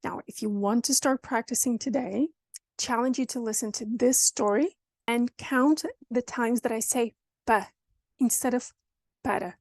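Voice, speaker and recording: Higher-voiced Portuguese-accented woman teaching. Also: steady tone, moderate pace, a little mellow, no room sound. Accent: European Portuguese. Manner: explanatory, direct, addresses the learner. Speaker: language teacher. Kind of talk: video language lesson.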